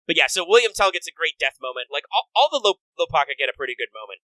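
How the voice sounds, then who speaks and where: Animated man chatting about a game. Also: a little high, no room sound, poor audio. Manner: animated, swearing, does quick character voices. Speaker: podcast co-host. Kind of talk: casual game chat.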